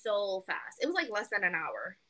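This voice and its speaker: A young woman co-hosting a casual podcast, telling a long story with animated quoting and lots of "like". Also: mid-range voice, normal speed, poor audio. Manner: animated storytelling, acts out quotes, peppered with "like". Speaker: podcast co-host. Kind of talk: casual chat.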